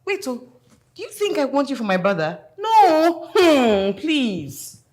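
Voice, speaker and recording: An actress playing a playful young woman with a teasing, expressive manner. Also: high voice, brisk. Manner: teasing, expressive, laughing easily. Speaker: the boss's sister.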